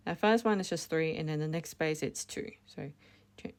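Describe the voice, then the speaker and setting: Her voice low and a little mellow, a woman talks at a normal speed through a casual crochet tutorial, chatting, correcting herself as she goes and laughing at her slips.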